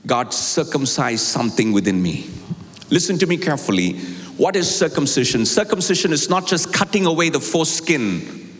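Impassioned male preacher in a reverberant hall. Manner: storytelling preacher, swings from low confiding to high impassioned. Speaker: pastor. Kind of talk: sermon.

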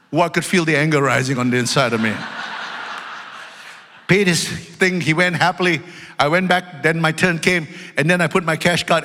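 High, bright-voiced preaching man. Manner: emphatic, loud, swings between shouting and low storytelling asides. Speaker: pastor. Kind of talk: preaching a sermon. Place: church sanctuary. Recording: long reverb of a large hall.

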